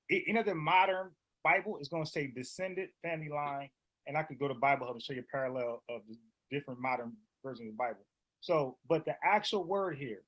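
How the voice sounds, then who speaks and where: Argumentative man explaining scripture, fairly high voice. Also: dull audio. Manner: animated, argumentative, keeps restarting phrases. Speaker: online Bible teacher. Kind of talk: casual debate commentary.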